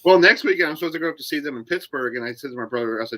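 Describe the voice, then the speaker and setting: A man's voice: on the high side, animated, very fast, few pauses, bright, forceful tone, low-quality recording. A man hosting a sports radio show, chatting casually and asking his guest questions. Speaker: host.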